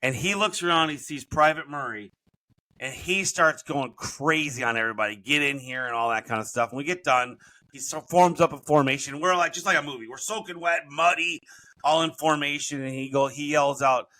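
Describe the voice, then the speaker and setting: Speaking a little high and fairly quickly, a middle-aged man with a bright, forceful delivery tells stories as a podcast guest. He's a business coach, and the casual interview finds him rambling and correcting himself along the way. Audio quality is poor.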